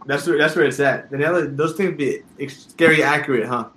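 A man hosting a casual chat over a video call, slangy and quick to laugh. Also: a little high, background noise. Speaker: host.

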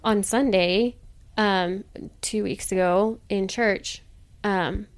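A woman's voice: medium pitch, slow. A woman guest on a podcast, chatting casually and acting out what other people said as she tells a story. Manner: animated storyteller, acts out others' lines.

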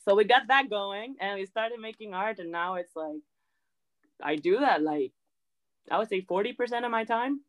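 A young woman as an interview guest, chatting in a lively way, acting out quotes and saying "like" a lot. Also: mid-range voice, moderate pace, poor audio. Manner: chatty, animated, acts out quotes, says "like" often. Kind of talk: casual storytelling.

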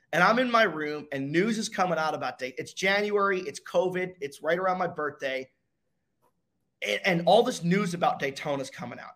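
Animated young man telling a story. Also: a little high. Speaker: guest, racing driver. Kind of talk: storytelling in a casual interview.

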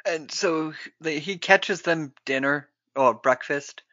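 A man chats about a film with a co-host, jokey and quick to act out lines in silly voices. His voice is bright and a little high. The sound is dry and a bit dull. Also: no echo. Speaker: podcast co-host. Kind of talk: casual movie chat.

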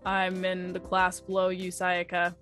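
A woman voicing a laconic teenage boy who speaks flatly and matter-of-factly. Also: lowish voice, measured pace, faint music behind. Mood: deadpan. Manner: flat, matter-of-fact.

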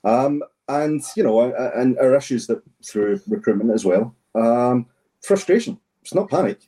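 A man talking in a measured, halting way with many fillers on a podcast. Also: medium pitch, lively intonation, mellow, far from the mic, poor audio. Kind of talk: casual chat.

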